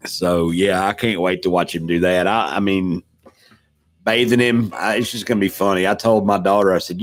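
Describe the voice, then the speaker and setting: A man's voice: low voice, fairly even intonation, normal speed. A middle-aged man, hosting a casual live stream, rambling and self-deprecating as he greets viewers in the chat. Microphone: desk microphone.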